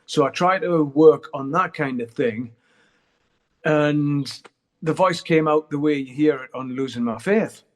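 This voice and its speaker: A man's voice: on the high side, unhurried. Candid, profane middle-aged man. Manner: rambling and candid, swears freely. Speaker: guest musician. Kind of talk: casual interview chat.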